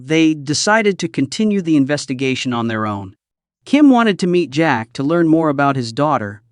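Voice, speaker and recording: Male recap narrator, animated scripted storytelling, close dry read. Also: medium pitch, dry recording.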